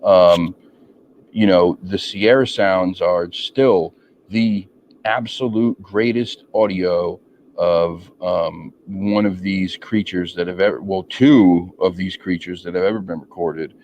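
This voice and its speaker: Low, slow-talking man hosting a chat. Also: darkish tone. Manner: rambling, many ums and restarts. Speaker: podcast host. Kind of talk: casual interview chat. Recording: dull lo-fi audio with faint noise.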